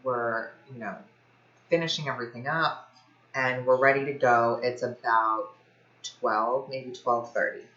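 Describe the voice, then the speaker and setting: A young woman from Ohio chatting casually to camera, telling a personal story in a lively way, with lots of fillers. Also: rumbling low, measured pace, echoey room, dull audio. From Ohio, USA. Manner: chatty, animated, many fillers like "like". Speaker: fitness vlogger.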